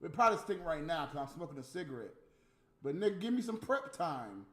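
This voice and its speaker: A man's voice: a little high, big pitch swings, brisk, roomy sound. A middle-aged man ranting on a livestream, blunt and exasperated, cursing freely. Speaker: livestream host. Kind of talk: profane off-the-cuff rant.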